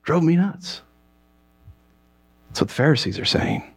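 A male pastor giving a conversational sermon, telling stories with self-mocking asides and dropping into quiet, earnest emphasis. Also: on the high side, animated, a little slow, gravelly, breathy edge.

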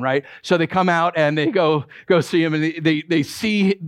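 A male pastor preaching a sermon in a lively, joking way, often putting on voices for quotes. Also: moderate pace, smooth. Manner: animated, acts out quotes in high voices, jokes with congregation.

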